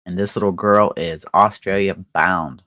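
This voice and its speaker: A woman's voice: extremely low pitch, fairly even intonation, a little slow, fairly bright tone, no echo. An older woman hosting a crafting livestream, chatting casually and rambling with fillers and laughter. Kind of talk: casual chat.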